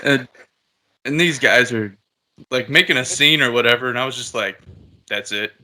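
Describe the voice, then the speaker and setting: Brief: man, very bright tone, easygoing podcast storyteller who curses freely. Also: mid-range voice, normal speed. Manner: laid-back, swears often, laughs at own story. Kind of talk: casual storytelling.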